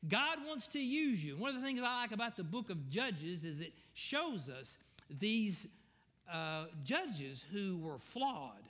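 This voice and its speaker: A man's voice: high voice, big pitch swings, measured pace, fairly bright tone. A male pastor preaching a sermon in a folksy, digressive way, often correcting himself mid-sentence, in a church sanctuary. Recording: long reverb of a church hall.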